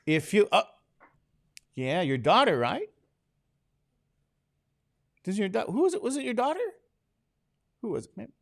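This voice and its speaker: A man's voice: sits high, huge pitch swings, unhurried, gravelly, pauses often. A man teaching a class, who jokes and keeps asking his students questions, drowsy from medication. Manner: joking, asks the class many questions. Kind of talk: classroom lecture.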